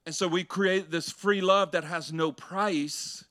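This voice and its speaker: Pastor preaching sunday sermon, bright forceful voice, a bit higher, talks straight to the room then builds up loud. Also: male voice, fairly even intonation, slow. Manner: preaching with rising intensity, conversational asides. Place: church.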